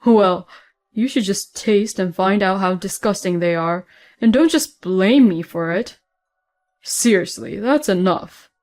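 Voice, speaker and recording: A woman voicing a stubborn, defensive young husband who speaks slowly and sulkily. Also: mid-range voice, darkish tone, natural voice. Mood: scornful.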